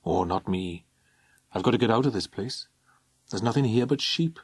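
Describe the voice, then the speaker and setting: A man reading aloud, voicing a sharp-tongued Welsh teenage boy who talks in a teasing, sardonic way. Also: on the low side, expressive, moderate pace, slightly rough, no echo. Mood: blunt.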